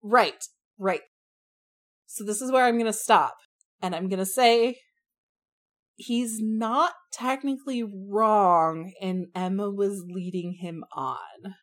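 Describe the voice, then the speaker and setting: Frank, animated woman in casual chat. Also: medium pitch. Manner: animated, frank, slangy, acts out quotes. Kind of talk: casual book discussion chat.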